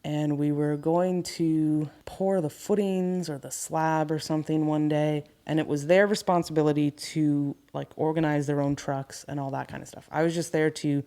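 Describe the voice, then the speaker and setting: A woman's voice: deep voice, normal speed, hardly any pauses. Woman in her thirties telling work stories. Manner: candid, animated storyteller. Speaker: guest, carpentry business owner. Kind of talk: casual podcast storytelling.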